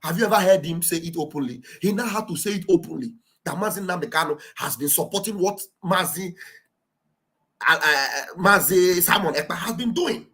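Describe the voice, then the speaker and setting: A woman hosts an online show, giving impassioned commentary in a bright, forceful voice. She talks fervently and repetitively, often breaking into shouts. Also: lowish voice, a little fast.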